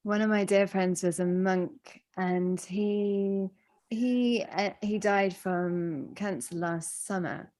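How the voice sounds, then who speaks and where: A woman in a reflective podcast conversation, telling a story in a gentle, thoughtful, measured way. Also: medium pitch.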